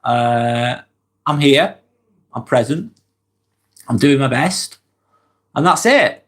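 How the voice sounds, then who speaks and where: A man from Lancashire with a Lancashire accent and a head cold. He talks in a middle-pitched voice that is run down and a little stuffy. His live-stream chat is relaxed and earnest, and he rambles with fillers and the odd sigh. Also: slow pace. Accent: Lancashire English. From Lancashire, England. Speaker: vlogger hosting a live stream. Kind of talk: casual live-stream chat, reading comments aloud.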